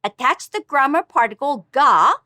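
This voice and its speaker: A high, bright woman's voice with a lot of rise and fall, teaching in a slow and careful scripted delivery. She models each word deliberately. The sound is dry and close. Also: animated, dry recording. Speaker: language teacher. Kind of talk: scripted language lesson narration.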